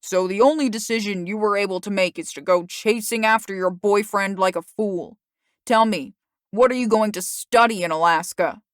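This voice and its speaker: A woman's voice: mid-range voice, normal speed, no room sound, studio quality, natural voice. A woman reading an audiobook, voicing a stern, angry father who snaps sarcastically at his teenage daughter. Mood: furious. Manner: loud, snapping, sarcastic.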